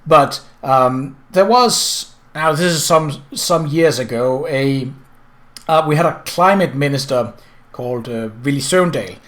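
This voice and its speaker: Rambling Danish-accented man, slightly high voice. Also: slow pace, a bit bright. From Denmark. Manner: rambling, filler-heavy. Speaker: game commentator. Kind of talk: casual game commentary.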